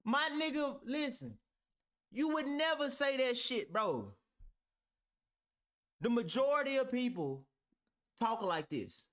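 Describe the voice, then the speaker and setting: A man's voice: very high-pitched, sing-song, slow pace, long pauses, fairly bright tone. A man reacting to a clip, heated and argumentative, talking with heavy profanity. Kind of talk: ranting reaction commentary.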